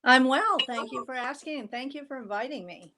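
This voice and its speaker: Thoughtful woman poet with a high voice. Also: a crowd in the background. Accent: American, faint Southern trace. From American South. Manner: thoughtful, pausing with ums. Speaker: poet and author guest. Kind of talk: casual interview conversation.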